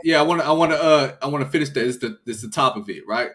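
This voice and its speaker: A man in a relaxed, slangy scripture discussion on a livestream, often restarting his sentences. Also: mid-range voice, rapid-fire.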